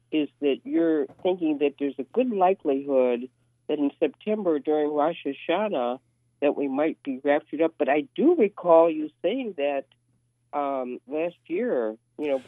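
A woman calling in to a radio show, hoarse from a cold, speaking hesitantly with many ums. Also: low voice, no echo. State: hoarse from a cold, may cough. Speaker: caller. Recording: tinny phone line.

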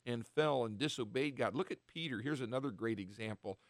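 A man hosting a Christian radio talk, teaching the Bible in an earnest, halting way with many restarts. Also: mid-range voice. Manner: acts out short quoted voices of the devil and apostles.

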